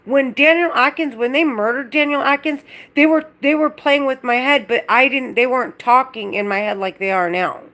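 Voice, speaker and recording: A woman's voice: sits high, moderate pace, a bit bright. A woman speaking to her livestream in an agitated, angry, rambling rant full of profanity. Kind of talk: agitated monologue to camera.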